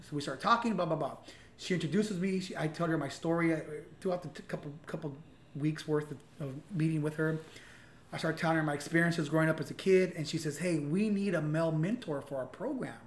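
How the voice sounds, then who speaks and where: A man's voice: on the high side, steady tone, fast talker. A man in his forties talking candidly in a casual conversation, earnest and open, swearing freely. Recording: roomy echo, faint hiss.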